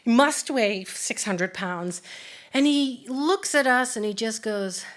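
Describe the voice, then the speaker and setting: A woman telling a true personal story live, in a vivid, animated way that swings from hushed to excited. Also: a little high, slow pace.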